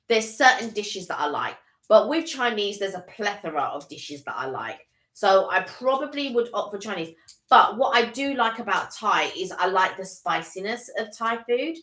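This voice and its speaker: A woman's voice: on the high side, a bit bright. A woman co-hosting a casual live stream, chatting enthusiastically with many restarts. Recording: echoey room.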